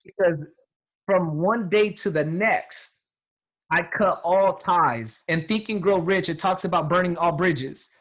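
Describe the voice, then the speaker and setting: A man in his thirties telling a motivational life story, energetic and repetitive, often acting out what others said. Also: sits high, slow. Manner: energetic, repetitive, quotes people in acted voices. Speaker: guest speaker.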